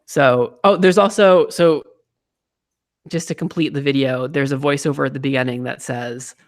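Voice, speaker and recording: A man hosts a casual talk with friends. His voice is mid-pitched with a gravelly, fry-tinged texture. He rambles easily, restarting sentences and filling pauses. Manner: chatty, lots of fillers and restarts. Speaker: host. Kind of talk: casual chat.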